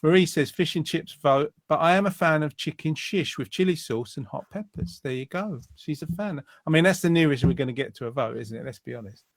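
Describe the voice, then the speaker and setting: A man's voice: fairly high pitch, brisk, hardly any pauses, no room sound. Guy hosting a stream, reads out comments, jokey, dry close sound. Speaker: host of an online show. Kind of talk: casual live-stream chat.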